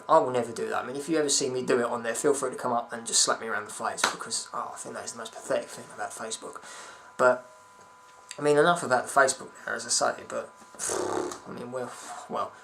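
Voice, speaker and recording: A man's voice: medium pitch, fairly bright tone, a little hiss or hum. A young man ranting to camera at home in a rambling, sweary, sarcastic way. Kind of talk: casual ranting vlog.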